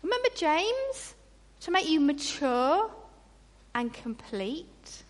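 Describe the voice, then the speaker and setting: A woman preaching a sermon in an animated way, acting out grumbling voices. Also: high voice, slow pace. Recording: long reverb in a large hall.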